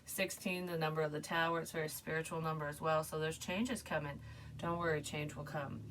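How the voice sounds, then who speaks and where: A woman with a low voice chats her way through a tarot reading for her viewers, rambling and laughing along the way. The recording carries a steady, clear hiss of background noise. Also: fairly quick. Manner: rambling, chatty, laughs often. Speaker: tarot reader. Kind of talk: casual tarot reading vlog.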